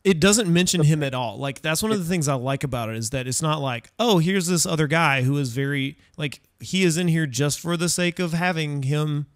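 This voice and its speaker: A man's voice: fairly high pitch, fairly quick, few pauses, dry recording. A man hosting a casual horror-movie podcast, rambling and correcting himself as he searches for words. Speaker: podcast host. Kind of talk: casual film discussion.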